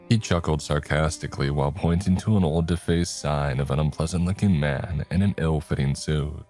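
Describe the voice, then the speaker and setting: A man narrating a horror story in a steady, even storytelling manner. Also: very deep voice, moderate pace, hardly any pauses, faint music behind.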